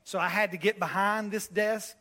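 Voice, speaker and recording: A man preaching a sermon, telling a story with animated swings between loud preaching and quiet. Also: high voice, moderate pace, big-room sound. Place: church.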